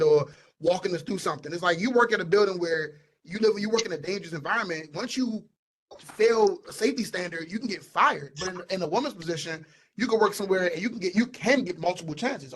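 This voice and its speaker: A young man co-hosting a casual podcast, talking in an animated, emphatic way and repeating points for stress. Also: high voice, fast talker, poor audio. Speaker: podcast co-host. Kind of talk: casual opinionated chat.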